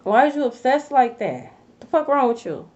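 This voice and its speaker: High-voiced woman tarot reader, blunt and profane, lots of slang, dull lo-fi recording. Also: normal speed. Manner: blunt, profane, animated slang-heavy delivery. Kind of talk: casual tarot reading to camera.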